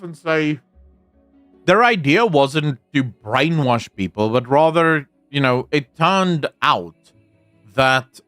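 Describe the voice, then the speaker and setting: A man's voice: fairly high pitch, fairly bright tone, no echo. A man chatting casually on a livestream, answering his chat, rambling and opinionated with frequent restarts.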